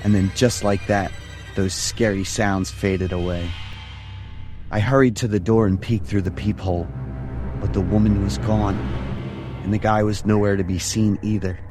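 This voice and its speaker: Low-voiced man narrating a horror tale. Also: moderate pace. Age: 30s. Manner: casual and slangy, relaxed storytelling. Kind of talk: scripted first-person horror narration. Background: background music.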